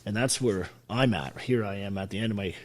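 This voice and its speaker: A man from Ontario, Canada, an army veteran, tells his story as a podcast guest in a casual interview. His voice sits fairly low and moves a little fast, and he's blunt and emphatic, swearing constantly.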